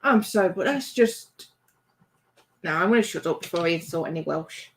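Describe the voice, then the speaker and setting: A woman's voice: on the low side, expressive, normal speed. A woman co-hosting a casual livestream, chatting and reading out viewer comments with a teasing manner. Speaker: livestream co-host reading chat. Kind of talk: casual chat.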